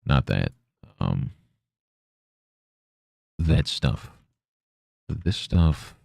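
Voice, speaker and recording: A man with an extremely deep voice and a rough, gravelly edge chats casually on a live stream. He mutters to himself as he works and mock-scolds his pet in a teasing tone. The sound is dry and close, with no room echo. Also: big pitch swings, drawn-out words, darkish tone.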